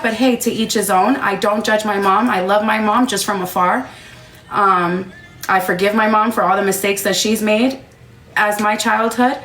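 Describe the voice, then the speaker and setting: A woman in her thirties on a livestream, telling a long emotional story in a rapid, rambling, defensive way with rising outbursts. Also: medium pitch, fairly bright tone, reverberant. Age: 30s.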